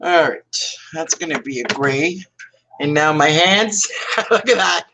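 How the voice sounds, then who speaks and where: A woman's voice: low-pitched, animated, unhurried, bright, forceful tone. Woman, craft stream co-host, rambling, self-deprecating, faint background noise. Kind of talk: casual chat during a crafting livestream.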